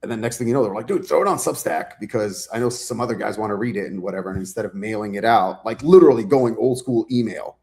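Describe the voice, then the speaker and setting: A low-voiced man chats as an author guest in a relaxed interview. He rambles with plenty of fillers and acts out the lines people said, swearing without a second thought. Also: quick pace, few pauses. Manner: animated storyteller, acts out quotes, swears freely; loose and rambling with many fillers. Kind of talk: casual interview chat.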